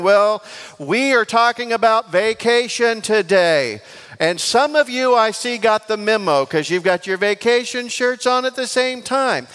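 A man, preaching a lively sermon full of jokes and questions to the congregation in a large church. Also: very high voice, unhurried. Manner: lively and joking, asks the congregation for responses. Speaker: pastor. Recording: long church reverb.

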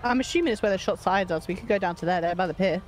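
A woman's voice: medium pitch, very fast, faint music behind. A woman chatting casually with a teammate during a police role-play game, dry and matter-of-fact.

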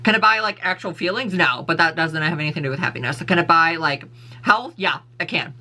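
A man's voice: a little high, fairly quick, pushed and bright. A man ranting on his vlog, sassy, blunt and full of profanity. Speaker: vlogger. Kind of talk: casual opinion rant.

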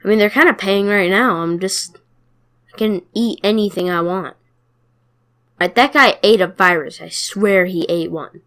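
A woman's voice: mid-range voice, measured pace, a bit bright. A woman narrating her own gameplay in a chatty let's play style. She teases and trash-talks the other players in a playful way. Her voice sits in a middle range. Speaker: gamer.

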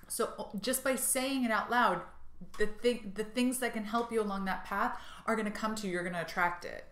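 A woman's voice: medium pitch, steady tone, moderate pace, fairly bright tone. A woman giving an intuitive card reading to her viewers. She talks in a bubbly, gushing way, with frequent laughs and fillers. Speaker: tarot and intuitive card reader. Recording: roomy echo.

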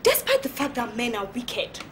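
A woman's voice: on the high side, wildly swooping pitch, normal speed, slight background noise. An actress with a Nigerian accent playing a preachy friend who lectures another woman on marriage. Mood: lecturing. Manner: lecturing, moralizing. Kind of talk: Nollywood film acting.

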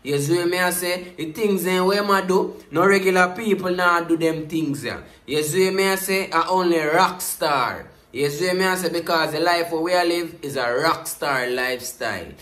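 Animated Jamaican man in a roomy recording. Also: a little high, moderate pace, few pauses. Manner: Jamaican patois, animated, constant catchphrase refrains. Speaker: music reaction YouTuber. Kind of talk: casual music reaction commentary.

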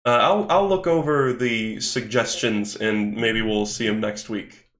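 A man's voice: on the low side, unhurried, fairly bright tone. A man streaming games live, chatting, thinking aloud and swearing casually as he plays. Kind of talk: live game-stream commentary. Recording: echoey room.

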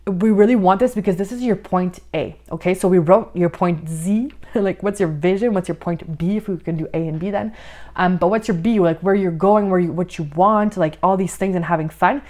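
Lady coach on a podcast, kinda low voice, super encouraging, lots of "like"s. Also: moderate pace. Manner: warm, encouraging, uses many "like" fillers. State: a little out of breath. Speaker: life coach. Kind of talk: podcast monologue, guided coaching.

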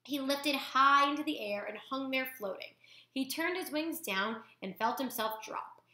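A woman reading a children's novel aloud to young listeners in an expressive storytelling manner. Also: sits high, measured pace, reverberant. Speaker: storytime reader.

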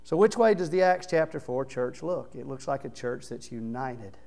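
A man preaching a sermon in church, talking conversationally and swinging from quiet low murmurs to loud, raised emphasis. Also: animated, moderate pace, creaky. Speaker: pastor. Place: church sanctuary.

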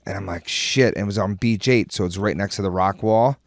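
A man, a podcast guest telling stories in casual chat, animated and swearing freely as he acts out what people said. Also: on the low side, brisk, no echo, studio quality.

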